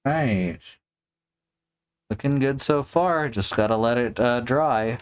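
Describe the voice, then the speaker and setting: A man's voice: medium pitch, slow pace, smooth. A man hosting a live stream, chatting casually and joking as he thinks aloud while painting miniatures.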